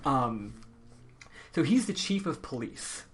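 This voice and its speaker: A man hosting a podcast, recapping a game in casual chat, rambling with lots of ums and quick laughs. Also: mid-range voice, very animated, a little hiss or hum. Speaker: podcast host.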